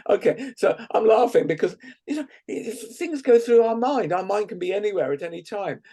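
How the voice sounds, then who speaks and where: A man leading a guided laughter exercise over a video call, playful and gently coaxing, often laughing. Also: high voice, lively intonation, moderate pace. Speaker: laughter workshop leader.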